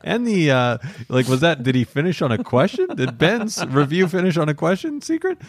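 Man, joking co-host, animated pitch, dry sound. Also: moderate pace, no room sound. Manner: joking, playful, expressive intonation. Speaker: podcast co-host. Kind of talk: casual chat.

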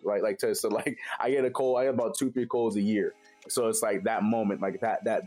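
A man's voice: lowish voice, a little mellow, slightly rough. A man in a casual chat, speaking openly and reflectively about himself. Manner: open, self-reflective, quotes others in quick bursts. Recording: faint music behind.

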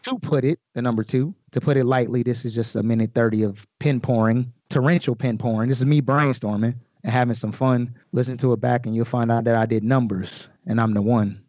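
A man talking casually on a podcast about his own verses, loose and slangy with a fair bit of swearing. His voice is mid-pitched and dry, with no room sound. The recording is a bit dull and muffled. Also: steady tone, brisk, hardly any pauses, darkish tone, no echo. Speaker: guest rapper. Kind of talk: casual podcast chat explaining his lyrics.

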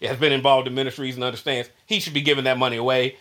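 Bright-voiced animated man chatting. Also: medium pitch, racing. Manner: animated, acts out quoted voices, laughs often. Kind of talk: casual chat.

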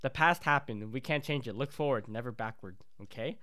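Young male co-host, fast and smooth, playful delivery. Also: medium pitch, bright, forceful tone. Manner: quick, playful, reads cards with mock advice. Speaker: podcast co-host. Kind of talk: casual chat over a card game.

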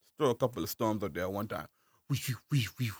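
A man co-hosting a casual podcast chat, animated and full of slang, ranting hard. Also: lowish voice, quick pace, breathy edge, dry recording, studio quality. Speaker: podcast co-host.

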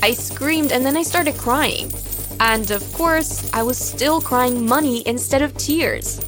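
A woman narrating a first-person story in an expressive, dramatic way. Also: high-pitched, slow. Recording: background music.

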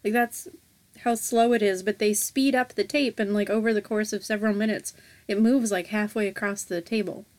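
A woman's voice: mid-range voice, fairly even intonation, normal speed, a little mellow. A woman co-hosting a podcast in casual chat, talking loosely with many fillers and a playful tone. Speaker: podcast co-host.

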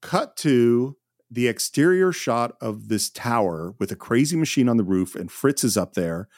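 Animated man recapping a film. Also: mid-range voice, normal speed, no room sound, studio quality. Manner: chatty, enthusiastic storytelling. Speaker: podcast host. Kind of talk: casual film discussion.

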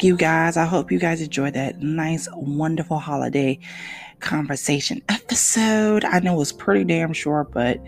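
A man hosting his own podcast in casual solo talk, emotional and animated, slipping into soft whispery asides. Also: on the high side, creaky. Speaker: podcast host.

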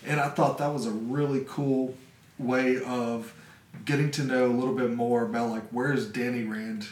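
A man's voice: mid-range voice, flat delivery, normal speed, reverberant, far from the mic. A man co-hosting a podcast, rambling casually with many fillers about a series. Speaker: podcast co-host. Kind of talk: casual review chat.

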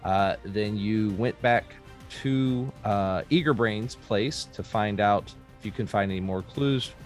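Man game master, lowish voice, chatty and self-correcting, music playing underneath. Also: unhurried. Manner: loose, chatty, laughs often, self-correcting. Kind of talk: narrating a tabletop game.

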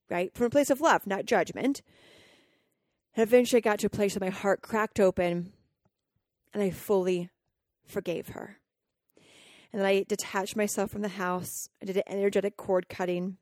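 A woman's voice: mid-range voice, fairly even intonation, normal speed, darkish tone, no room sound, clean studio sound. A woman hosting a podcast, telling a personal story earnestly and emotionally, acting out her own inner dialogue. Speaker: podcast host and coach.

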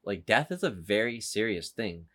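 A man's voice: fairly low pitch, animated, normal speed, fairly bright tone, a little hiss or hum. A man hosting a casual movie podcast, rambling with many fillers and restarts. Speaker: podcast host.

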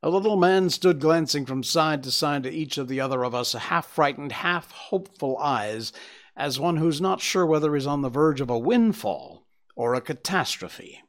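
Man narrating a classic story, lively voice. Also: on the high side, moderate pace. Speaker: audiobook narrator. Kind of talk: reading a classic detective story aloud.

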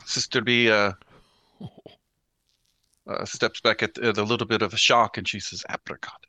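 A man's voice: fairly low pitch, flat delivery, normal speed, pushed and bright, no room sound. A man playing a tabletop horror game, hesitantly describing his character's actions with many fillers. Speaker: player.

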